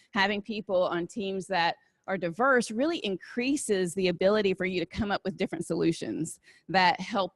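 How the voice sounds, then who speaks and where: A woman with a Southern American accent speaks to an audience in a relaxed, conversational way. Her voice sits at a middle pitch and sounds dry and close. She keeps checking in with listeners as she explains. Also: no echo. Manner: conversational, asks "right?" often. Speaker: diversity and inclusion speaker. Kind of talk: live talk with audience Q&A.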